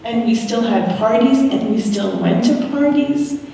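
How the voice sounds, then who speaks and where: A middle-aged woman frankly tells an audience her family's story, laughing often and acting out quoted voices. Her slightly high voice is animated, a little slow, dark in tone and touched with vocal fry. She's recorded from far off in an echoey hall, with slight background noise.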